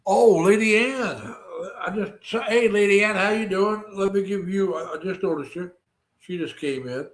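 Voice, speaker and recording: A man's voice: high-pitched, normal speed. Chatty male livestream host. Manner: rambling, greets viewers warmly by name; many fillers and restarts. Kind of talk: casual livestream chat.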